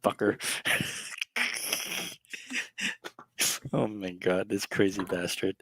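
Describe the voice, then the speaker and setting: A man's voice: on the low side, steady tone, very slow, fairly bright tone, a little hiss or hum. A man co-hosting a collectibles stream, ranting profanely and with exasperation in casual chat.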